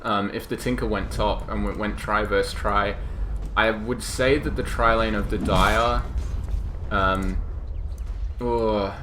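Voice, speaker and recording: Man, Australian accent, game commentator, low voice, noisy recording. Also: slow pace. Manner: steady analytical play-by-play. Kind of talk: esports commentary.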